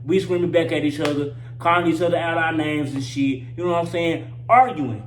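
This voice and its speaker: Young male vlogger, loose profane storytelling, repeats himself for punch, slightly high voice, roomy echo. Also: a little fast. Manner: profane, slangy, repeats lines for emphasis. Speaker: vlogger telling a personal story. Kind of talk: casual storytime monologue. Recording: roomy echo with faint hum.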